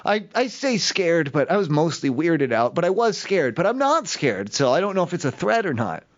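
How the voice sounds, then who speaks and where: Man prank caller, high voice, rambling and hesitant, muffled lo-fi audio. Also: sing-song, normal speed. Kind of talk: prank phone call.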